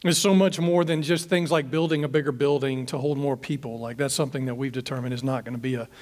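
A man's voice: medium pitch, steady tone, fast talker, darkish tone, big-room sound. A man, a pastor giving an informal, rambling talk to church leaders and often restarting his phrases.

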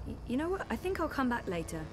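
Hesitant young adventurer. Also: female voice, sits high, very animated, fast, noisy background. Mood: wary. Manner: hesitant, polite, with fillers.

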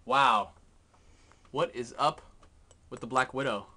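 A man chatting excitedly in a casual home vlog, sometimes hushed and whispering, sometimes jumpy and startled. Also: mid-range voice, slow. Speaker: vlogger.

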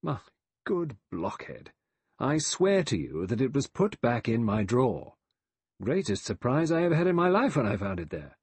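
A man's voice: mid-range voice, very animated, normal speed, darkish tone, slightly rough, no echo, pitched above the performer's own voice, full character voice. A man playing a sardonic, clipped adventurer. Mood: exasperated. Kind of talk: audiobook character voice.

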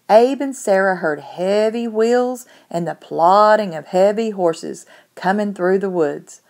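A woman narrating a children's biography in a measured, gentle storytelling manner. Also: medium pitch. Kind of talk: storybook read-aloud narration.

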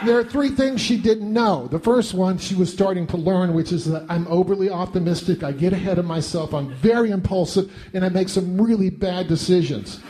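A middle-aged man telling a self-deprecating comic monologue in an animated way. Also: sits high. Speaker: storyteller.

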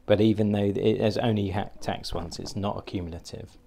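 A man's voice: fairly low pitch, steady tone, fairly quick, creaky, dark tone, a little hiss or hum. A man narrating a solo board game playthrough, thinking aloud and hesitating with fillers as he works out each move.

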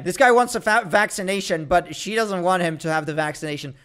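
Young male let's-player, pitched a bit high, goofy and teasing, slips into low fake-smooth asides. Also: brisk, few pauses, a bit bright.

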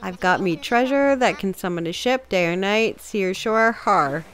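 A woman's voice: mid-range voice, normal speed, a bit bright, natural voice. A woman voicing a sleepy, blustering male seagull pirate captain, reading game dialogue aloud with pirate talk and growled arrs.

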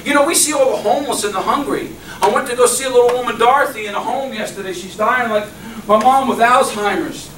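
A middle-aged male pastor preaching a sermon, swinging from loud exclamations to soft, low murmurs, recorded in a church. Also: fast. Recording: echoey church hall, mic at a distance, faint hum.

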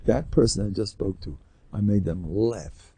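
A man's voice: fairly low pitch, unhurried, vocal fry, mellow, breathy edge, dry recording. An older man, a rabbi giving an informal lecture, telling stories animatedly with rambling asides and Yiddish words sprinkled in.

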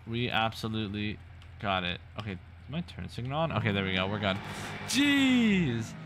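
A young man giving excitable gameplay commentary, full of exclamations and constant "bro". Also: lowish voice, fast talker, a little hiss or hum. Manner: hyped, says "bro" constantly, frequent exclamations. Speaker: gaming YouTuber. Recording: music playing underneath. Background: game sounds and music.

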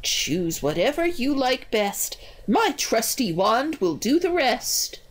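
A woman voicing an old, scheming witch who chants a rhyming spell, slow and sing-song. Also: a little high, sing-song, pitched above the performer's own voice, full character voice. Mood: chanting.

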